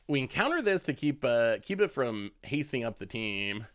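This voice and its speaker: Male streamer, casual game commentary with a very animated, up-and-down pitch, talks through each play. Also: moderate pace. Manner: thinks aloud, chats with viewers. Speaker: streamer playing a card game.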